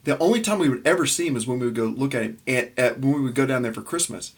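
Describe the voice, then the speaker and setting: A man from Arkansas, telling family stories in casual chat, animated and full of restarts. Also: mid-range voice, rapid-fire, breathy edge.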